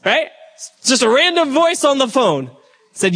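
A man's voice: very high voice, sing-song, measured pace, pauses often, fairly bright tone, husky. A man, the church's pastor, chatting to the congregation as he introduces a guest speaker. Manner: conversational, addresses the crowd directly.

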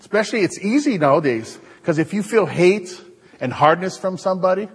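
A male preacher giving an animated, joking sermon to his congregation. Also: sits high, brisk, husky, big-room sound. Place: church hall.

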